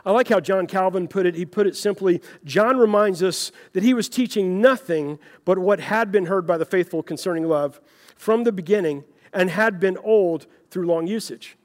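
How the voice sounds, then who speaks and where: A man with a fairly high voice gives a relaxed, story-driven sermon, talking to his congregation like friends. His words ring out into a large hall with a long reverb tail. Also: normal speed. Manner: folksy storytelling, addresses listeners as "guys". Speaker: pastor. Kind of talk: conversational sermon.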